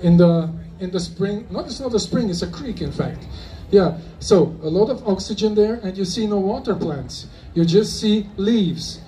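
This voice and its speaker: A man's voice: high voice, animated, normal speed, warm tone. A man from Germany with a German accent, giving a joking, rambling talk to a live audience at a convention. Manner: joking, rambling, playful asides. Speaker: conference speaker. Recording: distant mic with faint noise.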